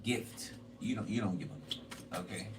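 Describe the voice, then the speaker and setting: Recorded on a noisy, distant mic, a man with a lowish voice gives a casual tarot card reading at normal speed. He is blunt and profane and repeats himself a lot.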